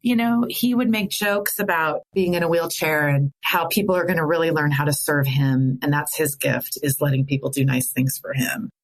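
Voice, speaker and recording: Podcast guest, middle-aged woman, lowish pitch, frank and animated storyteller. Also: normal speed, hardly any pauses. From American Midwest. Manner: candid, animated, laughs through sadness. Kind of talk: emotional personal storytelling.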